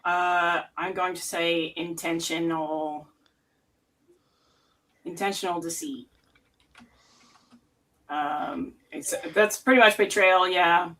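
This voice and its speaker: Slow hesitant speaker on a call. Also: mid-range voice, steady tone, bright, forceful tone, distant mic, low-quality recording. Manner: hesitant, laughs easily. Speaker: debate participant. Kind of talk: casual online group debate. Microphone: video call mic.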